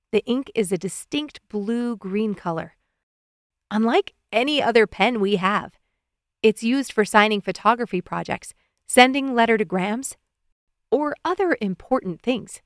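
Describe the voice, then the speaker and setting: A woman narrating a children's audiobook in the first person of a young boy, reading clearly and expressively. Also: medium pitch, no echo, clean studio sound.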